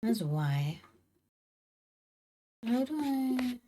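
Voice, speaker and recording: A woman's voice: on the high side, big pitch swings, very slow, warm tone, a little hiss or hum. A woman streaming from home on a desk microphone, chatting casually with her viewers while drawing and calling out to her cats. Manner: chatty, talks to her cats and to chat, teasing indignation. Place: home, indoors.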